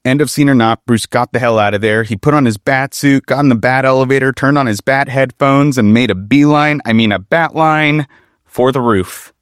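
A man narrating a comedic story with wry, deadpan asides. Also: medium pitch, a little fast, few pauses, smooth, no echo, clean studio sound.

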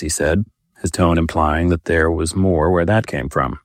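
A man giving a deadpan comic narration with a dry, wry delivery and mock-formal wording. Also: deep voice, normal speed, dry recording.

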